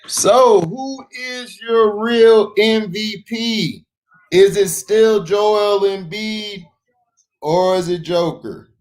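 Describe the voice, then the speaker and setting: A man hosting a casual sports livestream, breaking into loud shout-outs to his chat viewers. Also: sits high, very slow. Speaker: sports talk livestream host.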